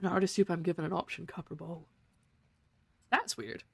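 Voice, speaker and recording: A woman's voice: on the low side, fairly even intonation, moderate pace, vocal fry, darkish tone, slightly rough, no room sound. A woman streaming a game, giving casual, giggly, rambling commentary.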